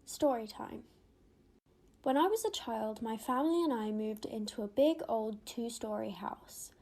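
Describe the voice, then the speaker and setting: A woman telling a spooky childhood story in a hushed voice that drops to a whisper. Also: a little high, a little slow.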